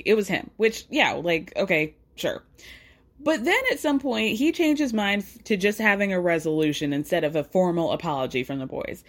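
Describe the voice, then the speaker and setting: A woman casually recapping a reality show, sassy and profane, acting out the people she quotes. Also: mid-range voice.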